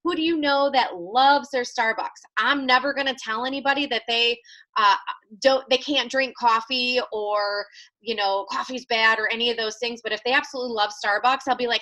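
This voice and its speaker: An enthusiastic woman giving a sales training talk, animated and acting out little quoted scenes. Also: on the high side, moderate pace, low-quality recording. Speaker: business trainer.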